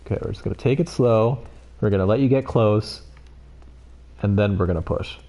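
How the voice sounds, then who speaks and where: A man streaming a game live, commenting excitably, swearing and pleading with the game. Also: on the low side, brisk.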